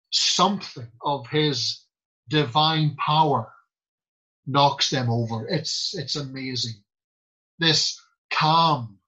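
A man preaching a sermon, quoting scripture slowly and deliberately with emphatic pauses. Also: on the high side, sharp tone, dull audio.

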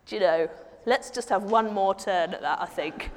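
A woman's voice: mid-range voice, moderate pace. A woman leading an interactive children's Bible story, coaxing the children to act along in a church hall. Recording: long hall reverb, faint noise.

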